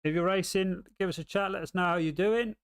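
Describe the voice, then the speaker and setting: A man's voice: sits high, a little fast, clean tone, no room sound, studio quality. A British man giving casual live race commentary, rambling and full of ums and restarts.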